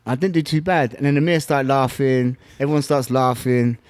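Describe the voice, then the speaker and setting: A man's voice: mid-range voice, fairly even intonation, normal speed, darkish tone, clear, resonant tone, no room sound. A man, a former fighter and podcast guest, telling his story bluntly, swearing and using slang. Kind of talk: casual interview talk.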